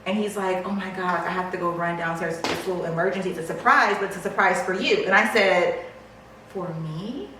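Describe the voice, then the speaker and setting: A woman filming an excited unboxing vlog, gushing and swearing as she squeals over her purchase. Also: on the low side, fast talker, heavy reverb, recorded from a distance, a little hiss or hum, low-quality recording. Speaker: luxury vlogger.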